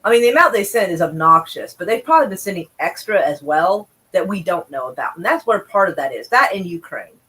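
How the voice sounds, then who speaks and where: A woman's voice: fairly low pitch, sing-song, a little fast, few pauses, a bit bright, slightly rough, rough recording. A woman livestreaming, reading news aloud and reacting with sarcastic, profane commentary and exasperated sighs.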